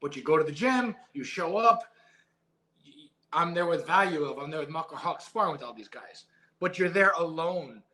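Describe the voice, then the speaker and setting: A middle-aged man speaks in a fairly high, bright, forceful voice. He is a former boxer who tells his stories in an animated, emotional, casual way, and he swears freely. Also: moderate pace. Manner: emotional, animated storytelling with profanity. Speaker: guest, former heavyweight boxer. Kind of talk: casual interview storytelling.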